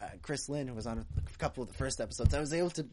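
A man's voice: medium pitch, racing, background noise. Chatty man co-hosting a fan podcast. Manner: chatty, laughs often, many restarts. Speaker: podcast co-host. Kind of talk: casual chat.

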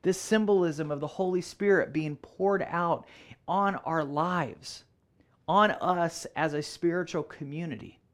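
A man preaching a sermon, earnest, repeating phrases for emphasis and slowing down on key words. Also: high-pitched. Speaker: pastor.

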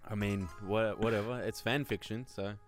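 A man co-hosting a podcast in casual chat, teasing his partner with quick banter and laughing along. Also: on the low side, steady tone, over loud music. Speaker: podcast co-host.

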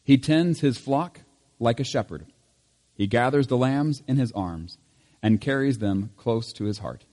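A man serving as pastor, leading a church service with prayer and scripture reading, reading in a measured way and lifting his voice on key lines. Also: medium pitch, expressive, darkish tone, long reverb tail. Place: church sanctuary.

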